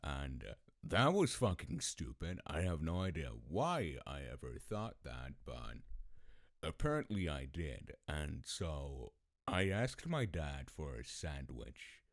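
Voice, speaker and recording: A man with a deep voice telling stories casually as a podcast host, laid-back, swearing freely and laughing often. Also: very animated, slow, no room sound, clean studio sound. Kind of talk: casual storytelling.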